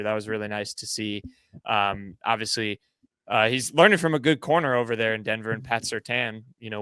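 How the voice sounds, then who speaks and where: A man's voice: on the low side, fairly bright tone, clear, resonant tone, no echo. A young man co-hosting a casual sports podcast, rambling and teasing his co-hosts, often restarting his sentences. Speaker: podcast co-host.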